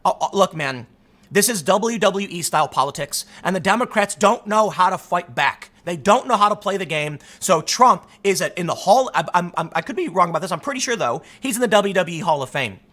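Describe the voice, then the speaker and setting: A man's voice: high-pitched, expressive, fairly quick, bright, forceful tone. A man hosting solo political commentary, talking emphatically and arguing his point. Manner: emphatic, argumentative, acts out quotes in other voices.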